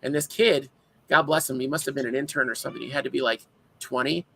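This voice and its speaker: Animated gravelly man telling stories. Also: medium pitch, quick pace, low-quality recording. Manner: animated storyteller, acts out his own shouts. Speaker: podcast co-host. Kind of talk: casual chat.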